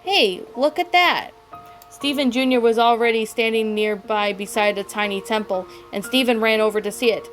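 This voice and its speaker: A woman's voice: on the high side, steady tone, fairly quick, few pauses. A woman narrating a fan story aloud, often stumbling and correcting herself. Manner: stumbling, self-correcting reading. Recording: faint background music.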